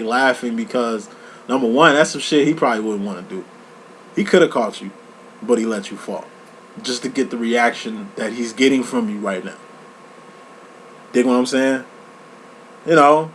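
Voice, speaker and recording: A man giving a casual tarot reading, talking in a profane, slang-heavy, animated storytelling way. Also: mid-range voice, fairly quick, a little hiss or hum. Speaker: tarot reader. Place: lives in Chicago.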